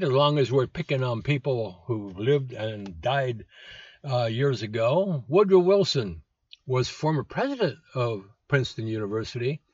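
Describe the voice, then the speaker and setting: A man's voice: medium pitch, dry recording. A man in his seventies hosting a political commentary show, blunt and scornful, with lots of "uh" fillers. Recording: dull lo-fi dry recording.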